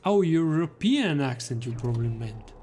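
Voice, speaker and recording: A man's voice: mid-range voice, moderate pace, slight background noise. A man with a non-native English accent that is often taken for Slavic, streaming gameplay live and chatting playfully with viewers. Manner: playful, teasing, animated. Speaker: gaming streamer.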